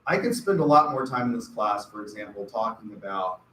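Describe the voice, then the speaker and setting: A man's voice: lowish voice, lively intonation, brisk, sharp tone. A male college lecturer giving a conversational classroom lecture with wry, rambling asides. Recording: echoey classroom from far off, faint hiss.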